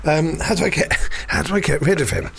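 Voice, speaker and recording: Man doing a loose impression of a rattled rock star, hesitant delivery, lively pitch, light hiss. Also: fast talker, gravelly. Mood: flustered. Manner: hesitant and flustered.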